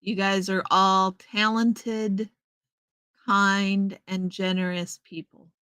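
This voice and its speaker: A woman hosts a casual livestream from home, talking slowly and unhurriedly as she answers viewers by name. Her voice is bright and a little forceful, recorded dry and close with no room sound around it. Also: medium pitch, level tone, clean tone, dry recording, rough recording. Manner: chatty, reads and answers viewers' messages by name. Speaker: livestream host. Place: home, in front of a green screen. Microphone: headset earpiece.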